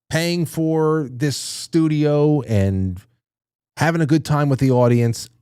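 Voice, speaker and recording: Dark-voiced man hosting a livestream. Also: mid-range voice, dry recording, studio quality. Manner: rambling, candid, swears casually. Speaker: podcast host. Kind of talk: casual livestream chat. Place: dim small studio room.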